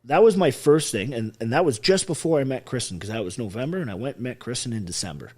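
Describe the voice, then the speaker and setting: A man in his thirties, a former soldier from Canada, telling his life story in a casual interview with lots of swearing and animated retelling. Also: medium pitch, fast, breathy edge. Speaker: podcast guest, former soldier.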